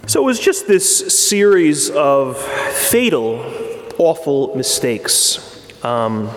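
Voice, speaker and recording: A man's voice: medium pitch, very animated, takes it slowly, slight background noise. A man giving an earnest sermon, often restarting his phrases and reading passages aloud. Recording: echoey hall with long reverb.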